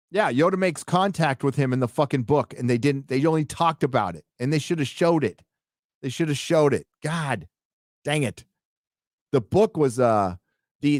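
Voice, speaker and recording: A man's voice: medium pitch, no room sound. Middle-aged guy rambling on a late night stream, cussing, reading super chats, bouncy voice, dead dry room. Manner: rambling, profane, excitable, reads donor messages aloud. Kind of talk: casual late-night livestream chat.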